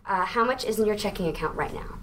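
A woman from San Jose hosting a podcast, firing off quick interview questions in a giggly, upbeat manner. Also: mid-range voice, lively intonation, background noise. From San Jose, California. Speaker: podcast host. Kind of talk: rapid-fire interview questions.

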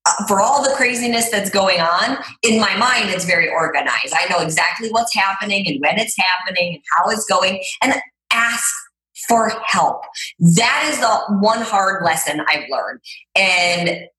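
A woman's voice: mid-range voice, lively intonation, a little slow, pushed and bright. A woman guest telling her story in a casual interview, chatty and full of filler words. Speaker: guest, fitness trainer. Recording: roomy echo.

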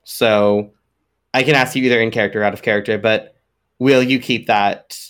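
A man's voice: lowish voice, fairly even intonation, normal speed, fairly bright tone, smooth. A man playing a tabletop role-playing game, describing his character's actions in a conversational way. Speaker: player.

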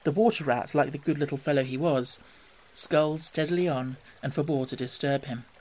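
A narrator reading a classic storybook in a calm, measured way, quieter and lower than the character voices.

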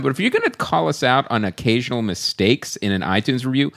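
A man's voice: mid-range voice, very animated, a little fast, few pauses, a bit bright, dry recording. A man co-hosting a comedy film podcast, casual and chatty, breaking into profane, exasperated rants. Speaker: podcast co-host.

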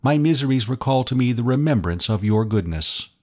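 A man's voice: medium pitch, expressive, a little fast, lightly acted. A man voicing a young woman in an audiobook, telling a sorrowful story with earnest feeling. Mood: grieving.

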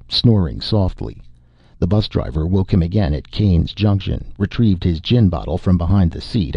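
Audiobook narrator, man, very low and gravelly, slightly husky, dry close recording. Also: dry recording, lo-fi sound. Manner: steady, measured storytelling.

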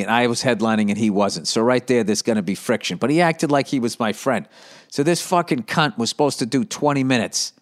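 Podcast host, male, 50s, mid-pitched, swears freely and rambles animatedly from one tangent to the next. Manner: profane, animated storytelling with asides. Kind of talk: rambling solo comedy podcast.

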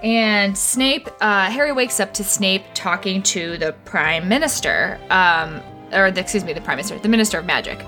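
A woman co-hosting a podcast, casually and irreverently recapping a book chapter and acting out the characters' lines in quick voices. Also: medium pitch, expressive, bright, forceful tone, faint music behind. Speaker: podcast co-host.

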